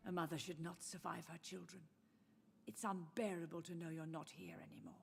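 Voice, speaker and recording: An actress voicing a frail, confused old mother who grieves for her lost children, in a soft, wistful game performance. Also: fairly low pitch, little pitch movement, fairly quick, gravelly, slight background noise. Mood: mournful. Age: older. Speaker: game character. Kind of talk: video game voice acting.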